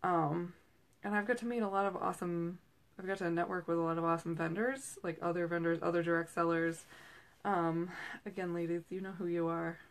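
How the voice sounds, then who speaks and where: A woman's voice: fairly low pitch, fairly even intonation, fairly quick. A woman in her thirties chatting casually as a host, rambling through tangents with lots of fillers. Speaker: host and direct seller. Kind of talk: casual chat. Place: small room at home.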